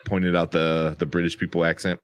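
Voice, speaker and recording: A man co-hosting a casual movie review show, animated and profane, laughing often. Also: low voice, a little fast, clean tone, no room sound. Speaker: podcast co-host.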